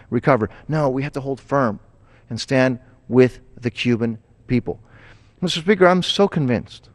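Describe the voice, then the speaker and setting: Emphatic man speaking in a hall. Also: medium pitch. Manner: emphatic, with frequent restarts. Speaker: congressman giving a floor speech. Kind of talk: formal floor speech. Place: legislative chamber.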